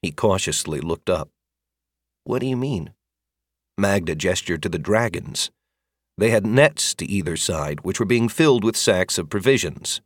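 A man narrating a fantasy audiobook with steady, expressive storytelling. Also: low voice, moderate pace, dry recording, studio quality.

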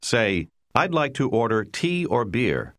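A man narrating a language course in a scripted, instructional way, giving clear, measured prompts. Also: medium pitch, very animated, fairly bright tone, no room sound, studio quality.

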